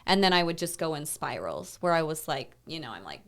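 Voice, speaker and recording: A woman's voice: low-pitched, big pitch swings, brisk. A woman in her thirties, a podcast guest, tells a painful personal story in a rambling conversational way, full of "like" and "you know.". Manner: intense, reliving a painful memory.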